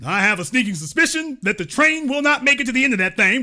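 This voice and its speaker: A man with a very high, bright and sharp voice, talking with a lilt. He comments on played clips with biting sarcasm and swings into loud, heated outbursts. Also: animated, fast talker, few pauses.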